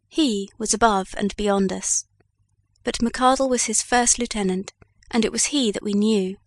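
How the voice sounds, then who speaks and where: Brief: female audiobook narrator, mid-pitched, measured, close dry recording. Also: dry recording. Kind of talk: scripted narration.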